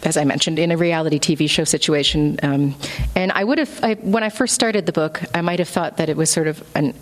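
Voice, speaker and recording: A woman author reading from her novel at a live event, then answering audience questions in a relaxed way. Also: low-pitched. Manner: measured narration, relaxed with fillers in answers.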